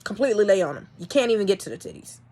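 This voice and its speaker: Young woman, casual vlog, exasperated, animated, very lively pitch. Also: racing. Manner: animated, exasperated, swings between loud and soft. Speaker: dog breeder.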